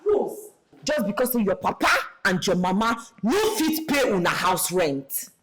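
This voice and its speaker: A woman's voice: medium pitch, big pitch swings, a little slow, noisy background. An actress with a Nigerian accent playing a mocking young woman who taunts her friend in English and Pidgin. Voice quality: sneering, mixes English and Pidgin.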